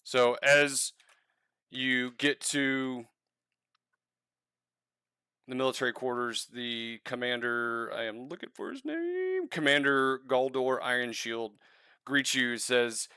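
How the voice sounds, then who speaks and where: A man leads a tabletop game as dungeon master, narrating scenes and speaking for the figures his players meet. He talks in a relaxed, halting way with many fillers. His voice is bright and crisp, and the recording is dry and close. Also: mid-range voice, no echo.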